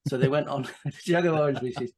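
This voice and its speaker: A man's voice: on the high side, fast, a little mellow. A man, a podcast guest, telling a casual anecdote with frequent restarts, asides and laughter.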